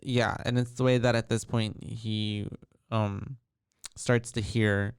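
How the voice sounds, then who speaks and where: A man co-hosts a podcast, calmly filling in plot points of a horror film. His lowish voice has a gravelly fry yet stays smooth and resonant. The sound is dry and close. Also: takes it slowly, dry recording. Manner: relaxed, fills in plot points, acts out quotes. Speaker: podcast co-host. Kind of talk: casual chat recapping a horror film.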